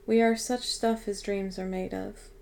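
A woman's voice: medium pitch, flat delivery, a little slow, vocal fry, a little mellow. Woman reader doing a fond, bookish old being, audiobook. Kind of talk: audiobook reading.

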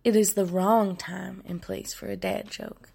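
A woman's voice: mid-range voice, sing-song, measured pace, creaky, crowd noise. A woman playing a stern, exasperated support group leader in a comedy sketch.

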